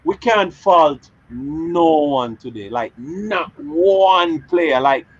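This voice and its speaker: A hoarse man rattles off an excited match reaction, his voice pitched fairly high. His fast, breathless talk comes through dull, lo-fi audio. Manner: rapid, breathless, hoarse from shouting. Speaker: fan panelist.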